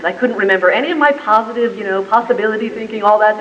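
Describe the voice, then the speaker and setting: A woman's voice: fairly high pitch, fast talker, few pauses, a bit bright. Woman giving a pep talk to business folks, acts out her stories, far from the mic, roomy and a bit muffled. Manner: vivid storyteller who acts out scenes. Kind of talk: inspirational speech with storytelling. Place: large meeting room. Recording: echoey hall, far from mic, dull.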